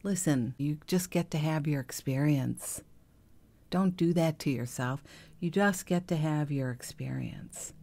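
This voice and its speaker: A middle-aged woman hosting a podcast, speaking in a gentle, confiding way that often drops to a soft hush. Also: low voice, unhurried, creaky. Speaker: podcast host. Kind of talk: reflective monologue.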